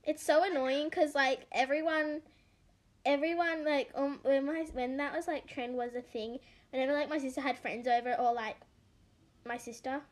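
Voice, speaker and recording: A woman's voice: high-pitched, fairly even intonation, normal speed. A young Australian woman chatting casually on a video call, rambling with lots of fillers and giggles. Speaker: podcast co-host. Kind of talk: casual chat.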